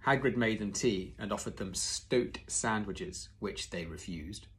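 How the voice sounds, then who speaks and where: A man's voice: on the low side, a little slow. Man reading a story aloud. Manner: steady storytelling, corrects his own slips. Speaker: reader.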